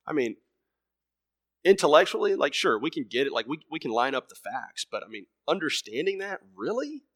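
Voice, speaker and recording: A man's voice: medium pitch, lively intonation, fairly quick, dry recording. Emphatic preacher man, dry close sound. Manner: emphatic, repeats words, swings from loud bursts to soft murmurs. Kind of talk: sermon.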